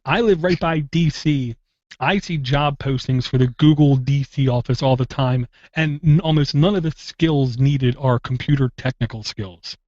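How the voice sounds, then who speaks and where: A man's voice: medium pitch, moderate pace, darkish tone, no room sound. Chatty guy hosting a podcast, wry and teasing, muffled lo-fi audio, dry. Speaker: podcast host. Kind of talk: casual podcast chat.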